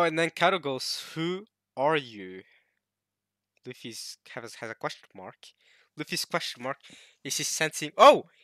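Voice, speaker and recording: A man reading through a manga chapter in casual commentary, thinking aloud and getting excited, with frequent restarts. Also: medium pitch, no room sound, studio quality.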